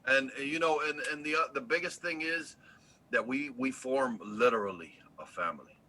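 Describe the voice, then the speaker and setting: Blunt cussing oil rig boss, super bright sharp voice, casual chat. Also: male voice, medium pitch, moderate pace, low-quality recording. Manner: blunt, profane, animated storyteller.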